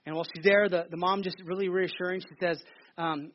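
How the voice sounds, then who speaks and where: A man in his thirties preaches in a theater with a high, steady voice, talking a little fast. He's playful and chatty, often beginning sentences again. The lo-fi recording sounds slightly dull, with faint background noise.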